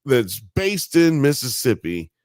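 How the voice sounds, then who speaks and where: Podcast host, Southern drawl, mid-range voice, digressive and swearing freely, dry sound. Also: male voice, mid-range voice, big pitch swings, slow pace, darkish tone, no room sound. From Alabama. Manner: rambling, profane, digressive. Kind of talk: casual commentary on a TV documentary.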